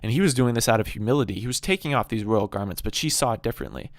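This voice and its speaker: A man's voice: lowish voice, animated, rapid-fire, no echo. Emphatic man preaching in a dry room. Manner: emphatic, rhetorical questions, repeats phrases. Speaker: video commentator on Bible stories. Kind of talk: preachy monologue.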